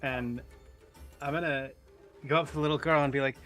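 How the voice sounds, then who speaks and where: A man's voice: fairly high pitch, fairly even intonation, fairly quick, long pauses, fairly bright tone, faint music behind. A man playing a tabletop game, speaking hesitantly with many fillers. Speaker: player. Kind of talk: casual tabletop play.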